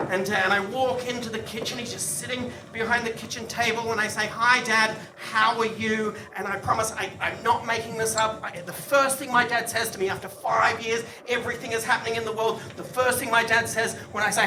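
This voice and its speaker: A man doing a stand-up routine, animated and swearing freely, with loud outbursts before a live audience. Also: high voice, fairly quick, few pauses. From Australia. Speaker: stand-up comedian. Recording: echoey live venue from far off. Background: audience laughter and crowd noise.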